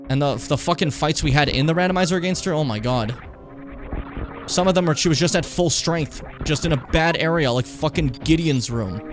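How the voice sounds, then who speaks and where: A man streaming a game live, talking casually in a rambling, profane way while he plays. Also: mid-range voice.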